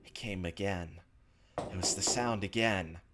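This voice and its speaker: Man, deep voice, casual let's play reader, noisy recording with clicks. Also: measured pace. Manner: casual, offhand asides between read lines. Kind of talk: casual let's play, reading visual novel text aloud.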